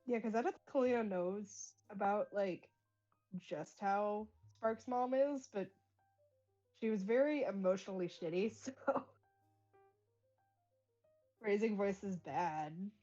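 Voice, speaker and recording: A woman playing in a tabletop game, giggly and quick to put herself down. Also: mid-range voice, mellow, highs cut off, soft background music. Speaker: player. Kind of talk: casual role-play chat.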